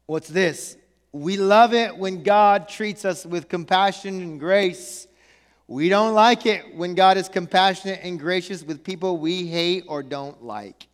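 Male pastor, high voice, lively conversational preaching with joking asides, long church-hall reverb. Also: measured pace. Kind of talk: sermon.

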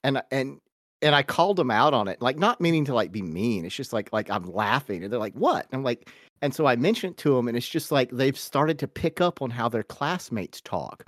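A man's voice: mid-range voice, expressive, fairly quick, fairly bright tone, dry recording, clean studio sound. A man in his forties with a Southern US accent, hosting a casual podcast chat, rambling and restarting his phrases. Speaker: podcast host.

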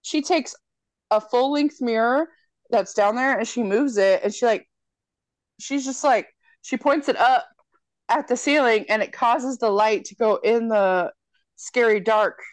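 A young woman in a casual chat animatedly retells a movie plot, swearing freely and acting out the characters' lines. Her voice is on the high side and a little slow, and the recording is dry.

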